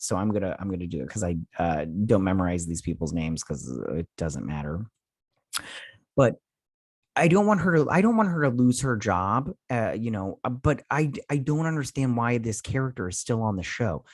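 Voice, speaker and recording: A man's voice: lowish voice, no room sound, studio quality. A man hosting a casual TV episode recap and review, rambling with lots of fillers and sounding exasperated. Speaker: TV review host.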